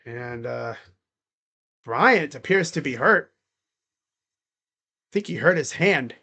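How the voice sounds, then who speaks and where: A man's voice: mid-range voice, lively intonation, slow, vocal fry, sharp tone, slightly rough. A young man giving casual live play-by-play, rambling and slangy between calls. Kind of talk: casual live reaction commentary.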